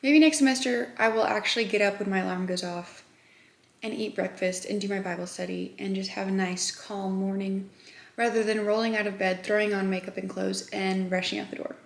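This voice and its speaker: A young woman, a high school teacher, chatting casually to her phone camera in a vlog, upbeat and full of "like" and "um". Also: fairly even intonation, brisk, gravelly. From Texas. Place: her car and classroom.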